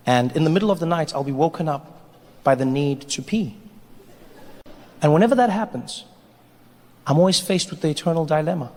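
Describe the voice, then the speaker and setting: A man performing a stand-up comedy set, animated, conversational and playful. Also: on the high side. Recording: hall reverb, faint noise.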